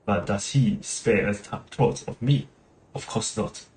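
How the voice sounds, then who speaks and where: A man's voice: fairly low pitch, a little slow, darkish tone, close to an everyday voice. Vain, sulky female fairy, read aloud by a male streamer; plain delivery with stumbles, roomy sound. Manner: reads the lines aloud plainly, with slips. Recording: roomy room with game music.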